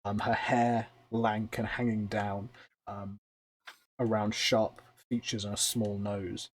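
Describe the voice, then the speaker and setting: A man runs a tabletop game as its game master. He narrates scenes in an unhurried, descriptive way, full of small fillers. His voice sits low and has a husky edge. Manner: descriptive, relaxed storytelling with fillers.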